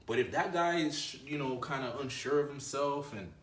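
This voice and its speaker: A man's voice: medium pitch, moderate pace, fairly bright tone, roomy sound. A man giving blunt, profane dating advice in a casual monologue, with a swaggering manner and lots of filler words. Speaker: dating coach.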